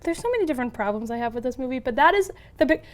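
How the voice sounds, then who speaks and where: Young woman on a podcast, high voice, ranting about plot holes, kinda exasperated. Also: animated, rapid-fire. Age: young adult. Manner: exasperated, sarcastic critic. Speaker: podcast co-host. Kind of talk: casual film discussion chat.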